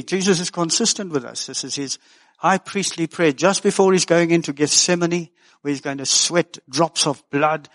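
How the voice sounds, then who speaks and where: A man's voice: fairly high pitch, fairly bright tone. An older man preaching a sermon as pastor, folksy and earnest with joking asides.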